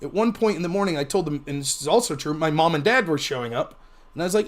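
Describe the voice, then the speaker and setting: A man's voice: a little high, lively intonation, quick pace. A man hosting a livestream and telling a long, rambling story in a casual, profane way. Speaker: livestream host.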